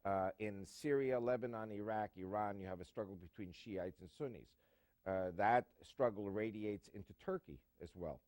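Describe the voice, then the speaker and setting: A man's voice: lowish voice, normal speed, darkish tone, no room sound. Guy guest on a talk show, emphatic, lots of uh's, dry sound. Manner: emphatic, storytelling with jokes, many fillers. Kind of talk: interview answer.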